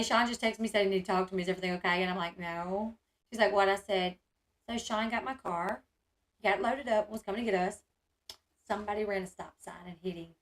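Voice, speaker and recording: A woman's voice: medium pitch, fairly bright tone. A woman, chatting casually on a livestream and reading her chat aloud, with lots of "like" and "um". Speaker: streamer.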